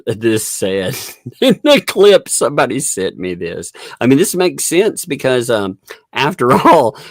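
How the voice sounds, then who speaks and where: A man's voice: mid-range voice, dry recording, studio quality. A man hosting a casual commentary video, laughing often in a mocking, amused way and repeating and restarting words.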